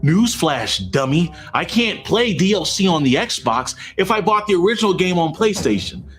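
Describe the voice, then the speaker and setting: A man voicing a sneering rival company in a comedy skit, mocking and accusing. His pitch swings a lot as he jabs and taunts. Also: very animated, normal speed, a bit bright, soft background music. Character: accusing, sarcastic rival game company, male.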